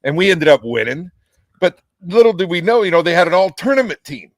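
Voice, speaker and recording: A man's voice: sits high, sing-song, brisk, dry recording. A man talking sports as a guest, chatty and telling stories casually. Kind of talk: casual chat.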